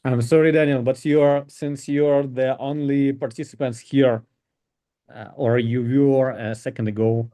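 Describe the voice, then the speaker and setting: A young man co-hosting an online call, chatting casually and joking in a slow, easygoing way. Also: medium pitch, fairly even intonation, mellow. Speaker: event co-host. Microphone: video call.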